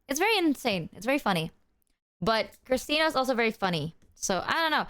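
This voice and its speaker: A young woman streaming casually, rambling and excitable, swearing freely as she chats. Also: high voice, moderate pace. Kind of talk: casual livestream chat.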